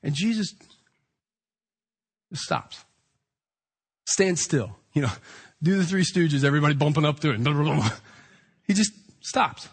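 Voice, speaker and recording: A man preaching an animated sermon, acting out the shouting beggar and the crowd. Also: on the high side, a little slow, long pauses, breathy edge. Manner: dramatic, acts out the shouting beggar.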